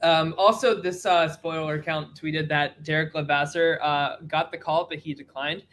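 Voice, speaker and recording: Bright-voiced man hosting, loose and giggly. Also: a little high, steady tone, normal speed, slight background noise. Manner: giggly, loose, often laughing. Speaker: podcast host. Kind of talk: casual podcast chat.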